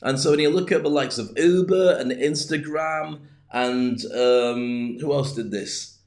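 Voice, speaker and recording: A man's voice: mid-range voice, unhurried, darkish tone. A man hosting a casual live business show, talking in a chatty, rambling way with jokey asides. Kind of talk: casual livestream monologue. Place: home in the UAE.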